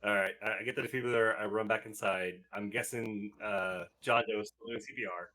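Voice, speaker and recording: A man playing a tabletop role-playing game, with a bright, edgy tone. He describes what his character does in halting bursts, full of fillers and restarts. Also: fairly low pitch, fairly even intonation. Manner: hesitant, many fillers and restarts while describing actions. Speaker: player.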